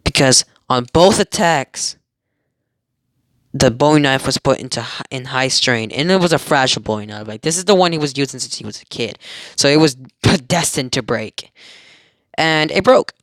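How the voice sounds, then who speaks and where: A man's voice: mid-range voice, animated, normal speed, fairly bright tone, no room sound, studio quality. A young man casually retelling a fan story, rambling, giggling and correcting himself as he goes. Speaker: amateur storyteller.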